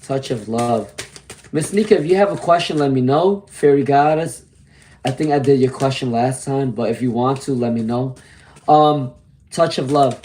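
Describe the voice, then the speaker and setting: A man with a hoarse voice from laryngitis, giving a chatty live-stream tarot reading and greeting viewers by name. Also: medium pitch, moderate pace, darkish tone, a little hiss or hum. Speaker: tarot reader.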